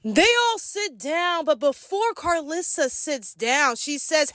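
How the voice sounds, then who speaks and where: A woman's voice: sits high, expressive, takes it slowly, hardly any pauses, a bit bright, dry recording, studio quality. A woman giving a casual, sassy and slangy recap commentary of a reality show episode. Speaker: commentary vlogger.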